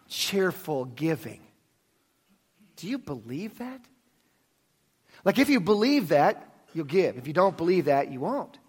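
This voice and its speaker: A man preaching a sermon in an earnest manner, telling stories with energy and guiding the congregation in prayer. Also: a little high. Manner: earnest, builds to animated storytelling, then drops to soft prayer. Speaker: pastor.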